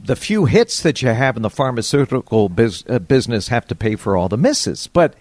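A male radio co-host speaks with a lively, swinging pitch. His voice is dry and close, with no room sound around it. He comes across as reassuring and opinionated. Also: brisk, dry recording. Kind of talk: casual radio talk.

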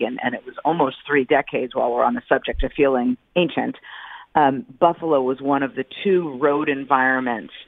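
A woman's voice: extremely low pitch, no room sound. Middle-aged woman analyst on a phone line. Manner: deliberate, emphatic, repeats key words. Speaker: football analyst, radio guest. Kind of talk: sports radio phone interview.

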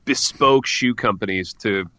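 A man's voice: lowish voice, a little slow, bright, forceful tone, no room sound. A man co-hosting a podcast in casual comedic banter, joking and calling his co-hosts "baby". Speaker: podcast co-host. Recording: dull, lo-fi dry sound.

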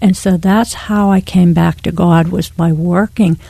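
A woman's voice: lowish voice, steady tone, a little slow, vocal fry, warm tone, breathy edge, no echo. A woman sharing her personal faith testimony as a talk show guest, earnest and heartfelt, often near tears.

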